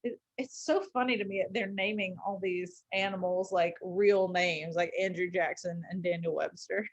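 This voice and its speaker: A woman teacher reads a story aloud, stopping now and then for a casual aside to her class. Her pitch sits in a middle range. The recording is dry and a bit muffled. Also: no room sound. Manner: reads with asides and small slips.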